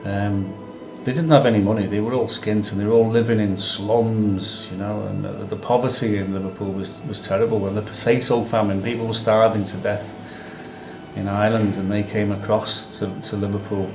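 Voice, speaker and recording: A man's voice: on the low side, level tone, normal speed. A man hosting a vlog who talks in a casual, conversational way and repeats phrases for emphasis. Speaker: vlog host. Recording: echoey room with music behind.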